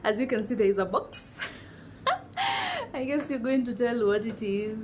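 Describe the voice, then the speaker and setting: Excited young Kenyan woman vlogging at home. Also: on the high side, brisk, background noise. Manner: excited, gushing, laughs often. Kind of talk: casual home vlog. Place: home sitting room.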